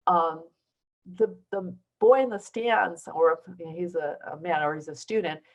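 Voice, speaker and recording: A woman from southern China in middle age, a basketball coach, talks to a university audience. Her voice sits low, and she tells her stories in a loose way that often stops and starts again. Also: steady tone, a little slow, rough recording. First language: Taiwanese. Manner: conversational storytelling with many restarts and fillers. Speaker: basketball coach giving a talk. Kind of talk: informal speech to an audience. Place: university lecture hall.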